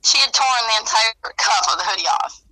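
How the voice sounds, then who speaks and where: A woman's voice: fairly high pitch, expressive, fairly quick, pushed and bright, no echo. A woman talking on a phone call, rambling and easily moved to tears. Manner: rambling, tearful at times. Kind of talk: emotional phone conversation.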